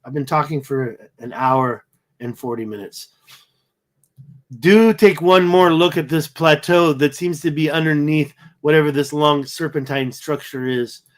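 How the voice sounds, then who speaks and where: A tired man hosting a casual livestream, rambling and thinking aloud as he looks through photos. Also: on the high side. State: tired, yawning. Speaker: livestream host.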